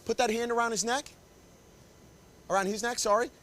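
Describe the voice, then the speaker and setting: Male photographer-instructor, high-pitched, encouraging, keeps directing poses on a body mic. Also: fairly even intonation, moderate pace, fairly bright tone. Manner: upbeat, coaxing, directs the couple constantly. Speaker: wedding photographer teaching. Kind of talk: live posing demonstration. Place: confined indoor shooting space.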